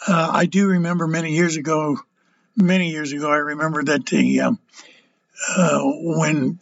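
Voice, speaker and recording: Older guy ranting about politics, kinda husky, rambles and trips on words, dull lo-fi dry recording. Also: a little high, fairly bright tone, no echo. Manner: rambling, halting, stumbles over words. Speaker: political commentator. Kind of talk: casual political monologue.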